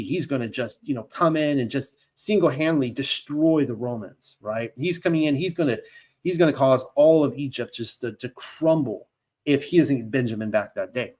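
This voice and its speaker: A man with a middle-pitched voice teaching from scripture. He reads the old-style verses in an earnest, measured tone, then drops into loose, chatty explanation with plenty of "you know" and "like". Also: a little mellow. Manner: conversational, many fillers and restarts between solemn reading. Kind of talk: reading scripture aloud with casual commentary.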